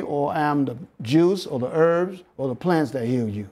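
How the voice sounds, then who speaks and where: A man's voice: fairly high pitch, animated, moderate pace, darkish tone. A man with a Southern American accent giving an interactive Bible health lesson, preaching and coaxing the audience with questions and chuckles. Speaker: health lecturer.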